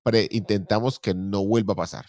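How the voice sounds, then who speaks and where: A middle-aged man hosting a relaxed conversation, asking questions and often repeating words as he searches for the next one. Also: fairly low pitch, fast talker, no room sound, studio quality. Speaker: show host. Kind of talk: conversational interview in Spanish.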